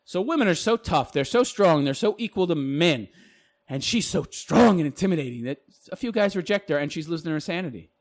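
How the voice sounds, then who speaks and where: Male commentator, high lively voice, crude, mocking, swears a lot. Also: fairly quick. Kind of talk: ranting reaction commentary.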